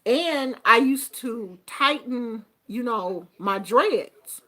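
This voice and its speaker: A middle-aged woman chatting casually to her viewers, telling animated stories and laughing through them. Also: on the high side, very slow. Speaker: YouTuber. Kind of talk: casual storytelling chat.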